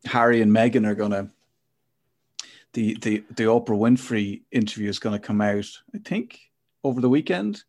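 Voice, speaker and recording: A man's voice: fairly low pitch, moderate pace, a little mellow. A middle-aged man hosting a casual chat podcast, telling a reflective, rambling story. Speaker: podcast host.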